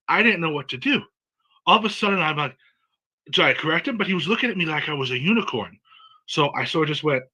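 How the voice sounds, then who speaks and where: Male stand-up comic from San Diego, bright and slightly high voice, deadpan delivery. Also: a little fast, poor audio. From San Diego, USA. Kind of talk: stand-up set.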